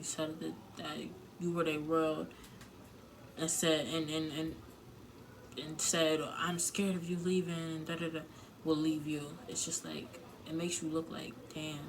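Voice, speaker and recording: A woman's voice: deep voice, fairly bright tone, slight background noise, rough recording. A young woman giving blunt, emotional relationship advice to her viewers in a casual vlog, swearing freely and leaning on filler words. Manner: candid, emotional, profane, heavy filler words. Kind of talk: casual advice talk to camera.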